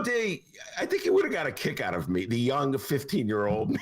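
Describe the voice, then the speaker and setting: A man hosts a podcast in a loose, comic monologue. His pitch swings wildly, and he leaps into high, mocking voices. The delivery stays sarcastic and playful throughout. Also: a little fast, few pauses, husky. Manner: animated and sarcastic, jumps to high mock voices. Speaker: podcast host, newspaper columnist.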